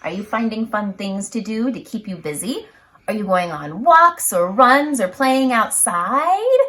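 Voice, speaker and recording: A woman reading a picture book aloud to children, in an animated, sing-song storytelling manner. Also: mid-range voice, a little slow.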